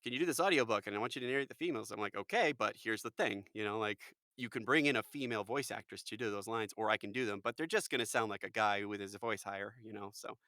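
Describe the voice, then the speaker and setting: An American man, a voice actor, chatting in a lively, jokey way as a podcast guest. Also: fairly low pitch, fast talker, few pauses, no room sound, clean studio sound. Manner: animated, jokey, full of fillers. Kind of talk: casual podcast chat.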